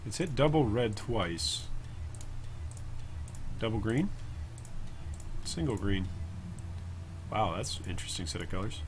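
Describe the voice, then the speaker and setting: A man's voice: on the low side, lively intonation, a little slow, long pauses, noisy background. A man streaming a video game, thinking aloud in a casual, chatty way and answering viewers' comments as he plays.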